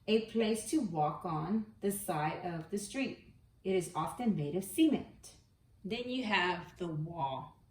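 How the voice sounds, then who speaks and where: A woman leads a preschool lesson at a very slow, patient pace, stretching out each letter sound for small children. Her voice sits a little low and reaches the mic from a distance. The room around her is echoey. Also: a little mellow. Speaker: preschool teacher.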